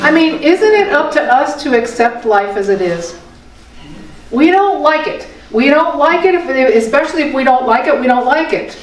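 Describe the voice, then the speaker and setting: A woman's voice: high voice, animated, moderate pace. An older woman giving a folksy, conversational spiritual talk. She repeats phrases and asks her listeners rhetorical questions. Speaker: spiritual teacher. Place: meeting room of a spiritual center. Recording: echoey room, voice from a distant mic.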